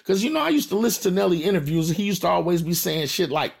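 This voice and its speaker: A man from St. Louis speaks in a casual, profane rant with a slightly raised pitch and a husky edge. His voice swings widely as he stresses and repeats his points. He has a St. Louis accent. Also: big pitch swings, fast talker, few pauses. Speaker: rapper. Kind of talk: casual direct-to-camera rant.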